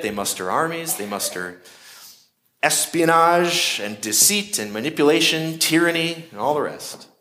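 A man's voice: a little high, pushed and bright. A man preaching a sermon in a conversational way, with shifting emphasis. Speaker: pastor.

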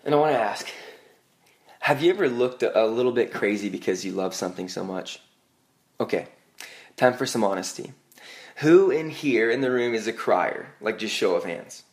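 A young man preaching a sermon to a church congregation in a conversational way, with frequent "like" and quick restarts, telling self-deprecating stories. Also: on the low side, lively intonation. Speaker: pastor.

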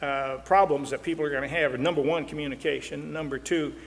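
Older man counselor, light pitch, folksy jokes, reverberant sound. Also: steady tone, fast, gravelly. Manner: folksy, joking, acts out quotes. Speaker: marriage counselor. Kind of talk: talk show teaching.

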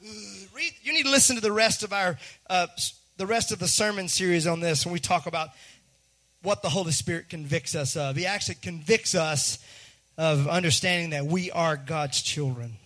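A high-voiced man preaching. His delivery is animated, dropping to near-hushed asides before climbing to shouted lines. The tone is bright and ringing. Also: moderate pace. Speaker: pastor. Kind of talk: sermon.

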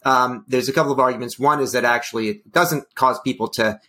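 Bright-voiced man hedging wryly. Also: medium pitch, fairly even intonation, a little fast. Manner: wry, hedging with fillers. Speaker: podcast co-host. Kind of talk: casual policy discussion.

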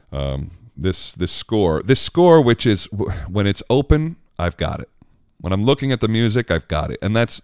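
A man's voice: low-pitched, no echo, studio quality. A man in his forties, an opera singer hosting his own podcast, talking casually and poking fun at himself. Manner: chatty and self-deprecating, with frequent restarts and laughs. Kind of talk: casual solo podcast monologue.

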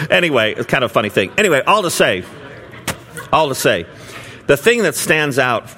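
In a mid-range voice, a middle-aged pastor preaches casually, as though chatting, while recounting a story. He often restarts sentences and leans on fillers.

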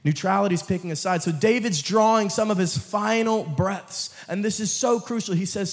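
A young man preaching a sermon, dropping to quiet, joking asides and then rising to loud, emphatic calls to the congregation. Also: high voice, normal speed, few pauses, big-room sound. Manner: jokes with the congregation and laughs. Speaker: guest preacher. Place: church sanctuary.

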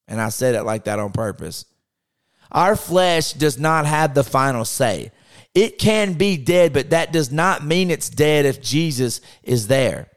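Male preacher, fairly high smooth voice, fervent sermon delivery with rhetorical questions. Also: animated, unhurried. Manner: impassioned, rhetorical questions, acts out scripture quotes. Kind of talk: podcast sermon.

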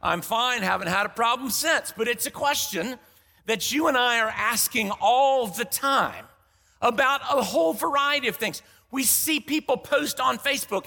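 A man preaching a sermon as pastor, telling a story in an animated way and acting out the dialogue. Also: very high voice, moderate pace, gravelly. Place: large church sanctuary. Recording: long hall reverb.

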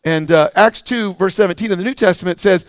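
A man's voice: high-pitched, fairly quick, smooth, no room sound, studio quality. A male pastor preaching a sermon in a conversational way, with fillers, restarts and scripture read aloud.

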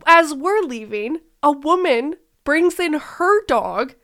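A woman's voice: high-pitched, lively intonation, slow pace, fairly bright tone. A woman co-hosting a comedy podcast, recounting events indignantly with casual swearing. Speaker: podcast co-host.

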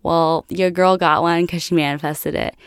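Chatty young woman, low clear voice. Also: fairly even intonation, moderate pace, dry recording, clean studio sound. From United States. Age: young adult. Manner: chatty, lots of "like" and laughs. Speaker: vlogger. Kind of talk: casual storytelling to camera.

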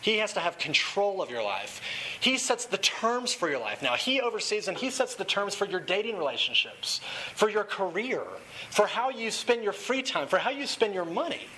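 A man's voice: high-pitched, sing-song, moderate pace, bright, forceful tone, a little hiss or hum. A young man preaching a sermon, earnest and at times playful as he tells a story. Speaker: pastor.

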